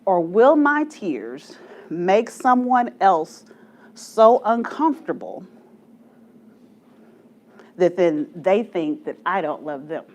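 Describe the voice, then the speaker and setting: Lively woman leading a church group. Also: lowish voice, slow pace, pauses often. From Texas, USA. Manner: animated, laughs often, self-mocking humor. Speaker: church study group leader. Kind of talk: storytelling talk to a group.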